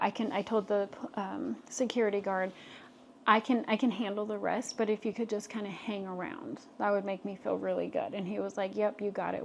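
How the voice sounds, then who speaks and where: A young adult woman, co-hosting a podcast and telling a personal story in a casual, animated way with many fillers. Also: medium pitch, a little hiss or hum. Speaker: podcast co-host.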